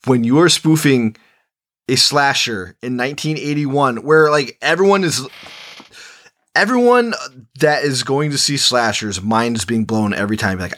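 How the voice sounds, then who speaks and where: Male co-host, animated pitch, emphatic casual delivery with frequent laughs. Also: moderate pace. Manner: lively, laughs often, emphatic. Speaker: podcast co-host. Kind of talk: casual movie chat.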